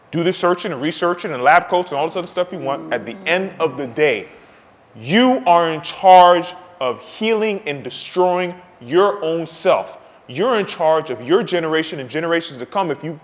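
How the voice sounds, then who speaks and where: Fiery high-voiced man in his forties ranting. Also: big-room sound. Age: 40s. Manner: loud, preachy, swings between shouting and muttering. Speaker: podcast host. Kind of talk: fiery motivational rant.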